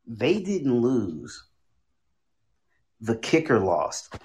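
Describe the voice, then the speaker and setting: A man co-hosting a casual sports chat, laying out his picks with measured, wry reasoning. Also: mid-range voice, huge pitch swings, darkish tone. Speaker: sports podcast co-host.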